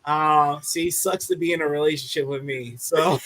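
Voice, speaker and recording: A man's voice: fairly high pitch, steady tone, normal speed, a bit bright, no echo. A man giving football analysis as a guest on a casual sports podcast, talking loosely and making jokes. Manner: joking, loose, playful.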